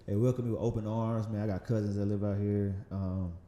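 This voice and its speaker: A man's voice: on the low side, a little fast, muffled recording. Laid-back Southern man in roomy studio. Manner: relaxed, rambling, laughs often, says man a lot. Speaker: magazine founder, podcast guest. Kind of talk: casual interview conversation. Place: podcast studio.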